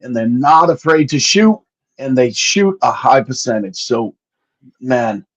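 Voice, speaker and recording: A man talking as a sports betting analyst in casual chat, excitable, swearing and rattling off stats. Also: medium pitch, a little slow, rough recording.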